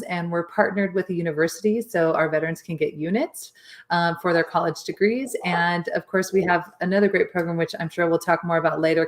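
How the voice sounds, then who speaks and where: Earnest, lower-voiced woman guest. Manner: earnest and explanatory. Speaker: interview guest, nonprofit founder. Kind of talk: conversational interview answers.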